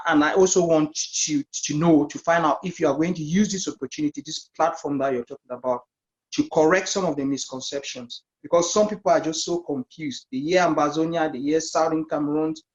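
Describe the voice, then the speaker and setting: A man's voice: a little high, fairly quick. Earnest male talk show host, lo-fi. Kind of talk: hosting a discussion show. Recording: dull lo-fi sound.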